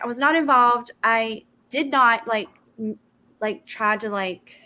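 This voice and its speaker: Woman, livestream host, blunt and emphatic, bright forceful voice, slightly high, faint room ambience. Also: a little hiss or hum. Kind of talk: casual panel livestream.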